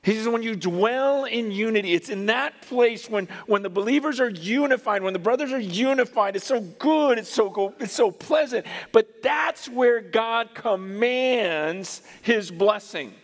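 A man preaching a sermon, telling stories with animated swings between loud exclamations and hushed, quiet moments. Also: high-pitched, unhurried, few pauses. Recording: long hall reverb.

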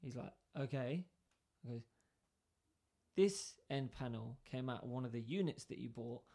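A man's voice: medium pitch, normal speed. A man telling a workplace story in casual chat, acting out both sides of the conversation. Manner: animated, acts out both sides of dialogue.

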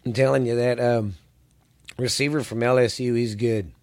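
A man's voice: medium pitch, fairly even intonation, normal speed, a little mellow. Cursing man ranting about football. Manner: angry, cursing, rambling. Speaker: sports podcast host. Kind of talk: profane ranting commentary.

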